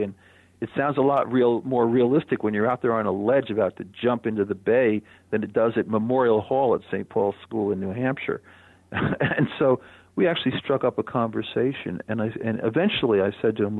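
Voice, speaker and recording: An older man, a radio guest, telling a personal story in a reflective, animated way with soft chuckles. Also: mid-range voice, normal speed, dry recording. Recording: phone-line radio interview.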